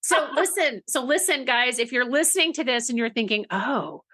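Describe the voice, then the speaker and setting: Chatty bright-voiced woman telling a story. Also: high voice, fairly quick. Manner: chatty, animated, laughs between phrases. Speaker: book marketing guest. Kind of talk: casual podcast storytelling.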